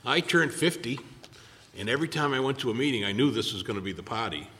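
Animated man in his fifties telling stories. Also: medium pitch, fast talker, slight background noise. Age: 50s. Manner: animated storyteller acting out quoted voices. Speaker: recovery speaker. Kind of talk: casual storytelling chat. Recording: echoey hall.

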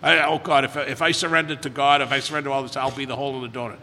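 A man's voice: medium pitch, level tone, very fast, gravelly, pushed and bright, in a large hall. A man in recovery telling stories at a meeting, rambling and repeating words as he acts out quotes in a casual way. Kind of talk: casual storytelling talk.

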